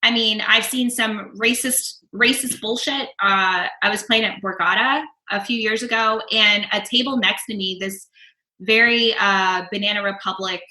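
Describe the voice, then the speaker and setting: A woman's voice: medium pitch, steady tone, normal speed, sharp tone. A woman guest talking poker in a casual podcast chat, emphatic and blunt, swearing freely. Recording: roomy echo.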